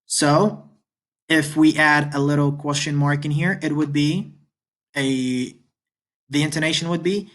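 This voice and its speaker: A man teaching a beginner Spanish lesson from slides, patiently repeating each example with many pauses. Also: fairly high pitch, steady tone, a bit bright. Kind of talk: online language lesson explaining slides.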